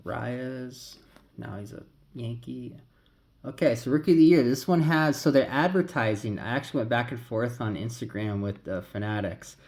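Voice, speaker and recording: Mid-range and darkish in tone, this male vlogger talks at normal speed during casual pack-opening commentary. He rambles loosely, muttering the names of cards as he flips them.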